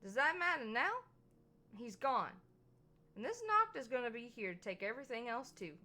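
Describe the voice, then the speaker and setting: A woman's voice: a little high, animated, moderate pace, sharp tone. A woman voicing a brash young man with a tough big-city attitude, reading lines from a visual novel in a blunt, combative way. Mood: defiant. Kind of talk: visual novel read-aloud with character voices.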